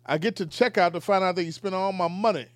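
High-voiced man in loose group banter. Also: fast talker, no room sound. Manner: loose, laughing, stumbles over words. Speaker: podcast co-host reading listener stories.

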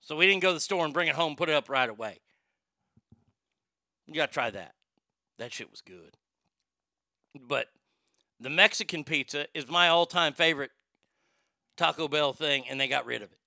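Bright, high-voiced Texan man ranting. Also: moderate pace, vocal fry, long pauses, dry recording, studio quality. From Texas. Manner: profane, rambling, stammering restarts. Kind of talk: casual rant.

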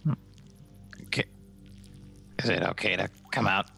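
Brief: man doing a meek little goblin, hesitant, whispery, gravelly and low. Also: unhurried, bright, forceful tone, faint music behind, exaggerated voice. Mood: nervous. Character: small timid male goblin in big hood.

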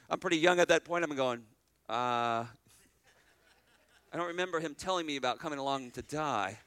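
A man preaching a sermon as pastor, animated, repeating phrases and restarting lines as he drives each point home. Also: fairly high pitch, moderate pace, long pauses, smooth.

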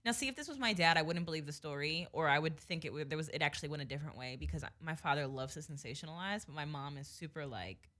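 A woman's voice: deep voice, quick pace, few pauses, bright, forceful tone. A young woman hosting a podcast, chatting candidly and swearing freely while she tells stories. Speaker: podcast host. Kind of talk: casual podcast chat.

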